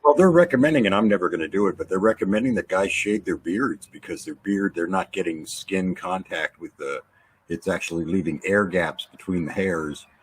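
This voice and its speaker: A man's voice: low-pitched, a little hiss or hum. A man hosting a casual chat show, joking and rambling with a guest over a call. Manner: joking, rambling, laughs often. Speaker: host.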